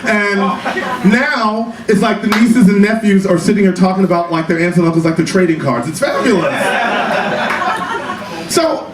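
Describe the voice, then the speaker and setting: Sassy high-voiced man doing stand-up. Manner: sassy, profane storytelling with quick asides. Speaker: stand-up comedian. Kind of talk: one-man comedy show. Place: small cabaret club stage. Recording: roomy live club recording from a distance, audience noise. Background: audience laughter.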